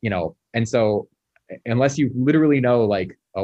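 A man's voice: mid-range voice, moderate pace, mellow, muffled recording. A man who is a postdoctoral researcher, explaining lab work in casual conversation in a wry way. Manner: explanatory, wry, many fillers.

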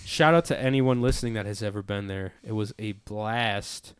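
A man's voice: fairly low pitch, normal speed, clean tone. A young man hosting a casual podcast chat with friends, laid-back, rambling and swearing freely as he tells stories. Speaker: podcast host.

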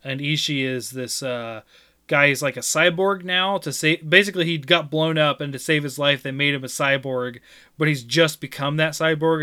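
A man chatting casually about a video game he played, rambling and laughing loudly. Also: a little high, clean tone. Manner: mimics game voices in retelling. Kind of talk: casual chat.

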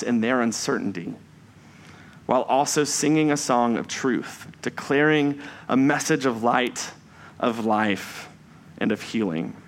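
A man preaching a Sunday sermon in a measured, reflective way, slowing down for emphasis on key phrases. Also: mid-range voice.

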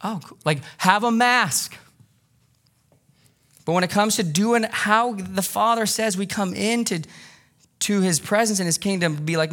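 A man pastor preaching a sermon, animated, acting out quoted voices and repeating for emphasis. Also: high-pitched, moderate pace.

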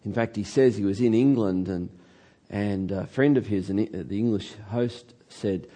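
A male pastor preaching a sermon in a church hall, telling a story with animated delivery and drawn-out key words. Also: fairly low pitch.

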